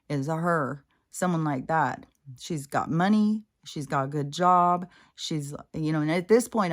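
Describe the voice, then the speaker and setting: Low-voiced woman telling a candid story. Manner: candid, profane, exasperated storytelling. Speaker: spiritual vlogger. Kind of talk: casual storytelling monologue.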